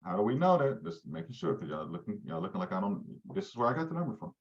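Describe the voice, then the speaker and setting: A man who leads a real estate team trains his agents live, speaking fast in a fairly low, very animated voice and quizzing them throughout. The audio comes across dull.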